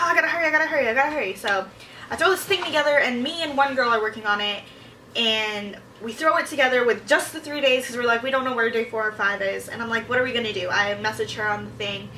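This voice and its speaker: A woman's voice: on the high side, a little hiss or hum. A young woman, a college student, telling stories about her week in a casual rambling vlog and acting out her own reactions. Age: young adult. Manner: excitable storytelling, acts out her own reactions. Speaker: vlogger. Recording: echoey room, mic at a distance.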